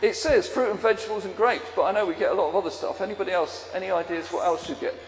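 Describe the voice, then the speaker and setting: A man with a high voice talks casually to a congregation at a harvest service. He keeps asking them questions. His voice carries with the long reverb of a large church hall. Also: rapid-fire, slight background noise. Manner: chatty, asks the congregation questions. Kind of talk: interactive talk to a congregation.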